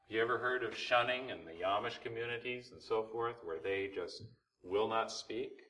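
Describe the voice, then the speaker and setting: A man preaching a sermon as pastor, swinging between loud emphasis and hushed, urgent rhetorical questions. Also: on the low side, far from the mic, poor audio. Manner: preaching with rising and falling intensity, rhetorical questions.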